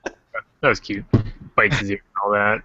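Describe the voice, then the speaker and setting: A man hosting a casual livestream discussion, joking and animated. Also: lowish voice, a little slow, muffled recording. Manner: joking, animated, quotes characters in silly voices. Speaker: host.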